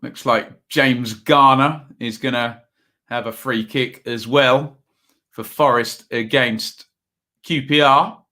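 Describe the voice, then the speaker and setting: A man's voice: mid-range voice, steady tone, slow, pushed and bright. A man hosting a live football stream, chatting with viewers and reading out scores, a little tired. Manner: chatty, reads out chat messages and scores. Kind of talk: casual live-stream chat and score updates.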